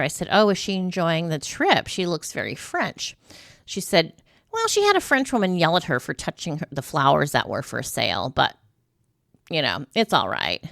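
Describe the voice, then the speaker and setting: A woman's voice: low-pitched, gravelly, sharp tone, dry recording. A middle-aged woman chatting casually to the camera as a vlogger, rambling through stories with asides and fillers. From United States.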